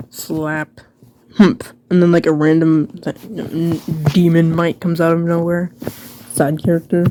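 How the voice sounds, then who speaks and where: A woman rambles through a mocking, sarcastic commentary, full of quick restarts and jokey asides. Her voice sits a bit low and sounds dark and mellow. It is recorded dry and close, with no room sound. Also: level tone, no echo. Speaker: video creator reviewing her own old book. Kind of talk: casual commentary reading aloud.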